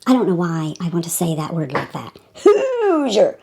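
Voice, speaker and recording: A woman's voice: low-pitched, a little fast, vocal fry, a little mellow, slightly rough. A woman vlogger chatting casually to her viewers in a playful, silly way, making goofy sounds. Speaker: beauty vlogger. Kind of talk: casual chat.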